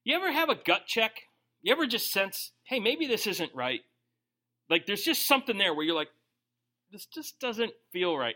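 A male pastor with a high, bright voice preaches a sermon in a casual, conversational way. He jokes with the congregation and slips into quick little voices for the people he quotes. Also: very animated.

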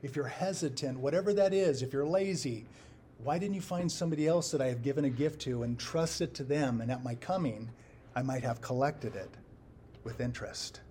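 A male pastor preaching with a mid-pitched voice, leaning hard on key words and repeating them for emphasis. His volume swells and sinks as he drives each point home. A faint hiss of noise sits under the recording. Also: brisk, warm tone. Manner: emphatic, rises and drops in volume for stress, repeats phrases. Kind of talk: sermon.

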